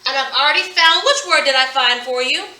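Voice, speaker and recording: A woman, an upbeat elementary teacher, giving a recorded phonics lesson and stretching words out slowly to model their sounds. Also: high-pitched, sharp tone, echoey room, far from the mic, poor audio.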